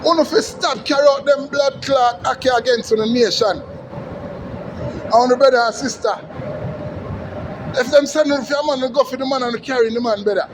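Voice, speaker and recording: A man's voice: very high voice, normal speed, pauses often, background noise. A Jamaican man with a heavy Patois accent, ranting angrily to his followers, cursing often and repeating his points. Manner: heated, cursing, repetitive, preaching to listeners. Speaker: social media commentator. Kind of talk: angry rant.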